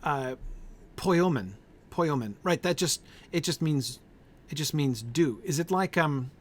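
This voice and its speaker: A man's voice: a little high, lively intonation, unhurried. A man leading an informal Bible study group. He thinks aloud with many fillers, keeps checking in with "right?", and answers group members by name.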